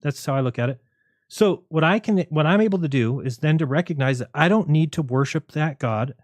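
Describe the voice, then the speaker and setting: Guy ranting on his livestream, fast and sarcastic, kinda high voice, dry close sound. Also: lively intonation, no room sound. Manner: rapid, argumentative, sarcastic. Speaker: livestream host. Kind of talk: casual livestream monologue.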